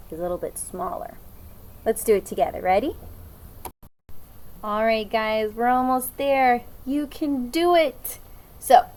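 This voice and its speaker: A young adult woman teaching a children's phonics lesson in an upbeat, encouraging, slow sing-song way. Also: on the high side.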